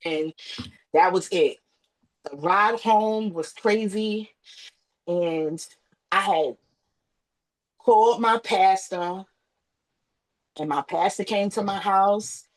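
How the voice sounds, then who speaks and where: A woman's voice: mid-range voice, slow pace, long pauses. A woman, a podcast guest, telling an emotional personal story, acting out the voices of family members and repeating herself. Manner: animated retelling with acted quotes and repetition.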